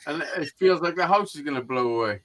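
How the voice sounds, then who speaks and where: A man's voice: on the high side, lively intonation, quick pace, fairly bright tone, slight background noise. A man with a Welsh accent chatting casually on a live stream, teasing and swearing. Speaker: live stream panel guest. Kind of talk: casual banter.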